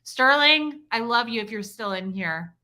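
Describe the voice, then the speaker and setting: Young woman streamer, bright clear voice, gushing, reads chat names aloud. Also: medium pitch, normal speed. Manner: effusive, thanks viewers by name. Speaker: livestream host. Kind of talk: casual livestream chat reading donations.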